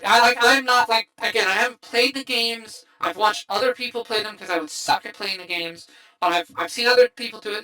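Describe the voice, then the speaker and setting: A woman hosting a casual livestream movie chat, excitable and rambling with many restarts. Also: mid-range voice, poor audio. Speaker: streamer host.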